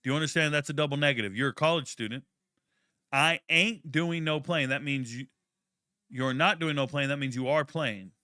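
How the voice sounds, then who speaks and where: A man's voice: mid-range voice, fast, no room sound. Young man, stream host, slangy and profane, dry close sound. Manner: animated, slangy and profane, swings into loud outbursts. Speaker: host of a draft watch party stream. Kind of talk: casual live commentary and storytelling.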